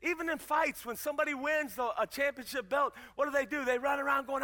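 High, bright-voiced preacher man. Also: quick pace. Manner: preaching with rising, emphatic storytelling. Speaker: pastor. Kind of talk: sermon.

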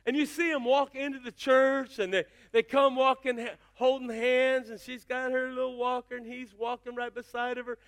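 A man's voice: extremely high pitch, moderate pace, hardly any pauses, smooth. A pastor in his fifties preaching a sermon, telling stories with asides to the congregation. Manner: animated storytelling with asides to the congregation.

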